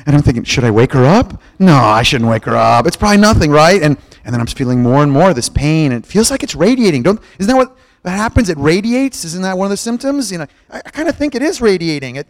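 Animated, self-mocking middle-aged preacher. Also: male voice, high-pitched, no room sound. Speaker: pastor. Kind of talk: storytelling sermon.

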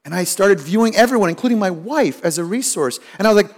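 Middle-aged guy preaching, high voice, tells stories and acts out what people said. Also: lively intonation, fast, few pauses. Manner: storytelling, acts out quoted voices with rising pitch. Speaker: pastor. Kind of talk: sermon.

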